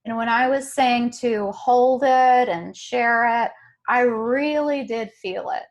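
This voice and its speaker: A woman hosting a meditation group on a video call, gentle and soft-spoken, laughing often. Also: a little high, slow, highs cut off.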